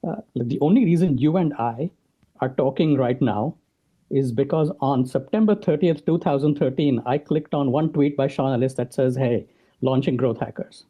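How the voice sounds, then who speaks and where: A man being interviewed on a podcast explains his ideas at a normal speed in a mid-range voice, often adding "right?" to check in. The recording sounds muffled.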